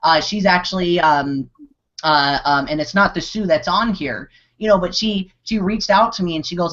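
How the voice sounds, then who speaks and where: A man's voice: high-pitched, moderate pace, sharp tone. Rambling man hosting a live Q&A. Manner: rambling, many restarts and fillers. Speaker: host. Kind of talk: live online Q&A. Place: online video hangout. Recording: dull lo-fi video call audio.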